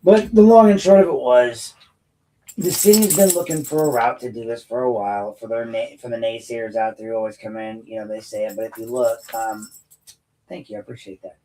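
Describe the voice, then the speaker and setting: A man's voice: mid-range voice, fairly even intonation, a little fast, mellow, distant mic, a little hiss or hum, rough recording. A man from the United States hosting his own show, ranting bluntly and profanely to viewers with frequent restarts. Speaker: host and political commentator. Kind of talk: unscripted rant to viewers.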